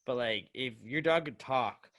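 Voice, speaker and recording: A young man co-hosting a podcast, rambling in a relaxed way and swearing casually. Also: mid-range voice, measured pace. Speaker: podcast co-host. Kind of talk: casual chat.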